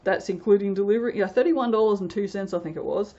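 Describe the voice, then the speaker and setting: An Australian woman, host of a soap-making channel, chatting casually and rambling while she works, laughing often and breaking into sudden loud exclamations. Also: medium pitch, fast talker, lo-fi sound. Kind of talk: casual chat while working.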